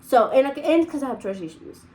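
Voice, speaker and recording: Young woman, casual storytime vlog, rambling, restarts a lot, slightly high voice. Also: lively intonation, moderate pace, mellow, low-quality recording. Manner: rambling, repeats and restarts often. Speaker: vlogger.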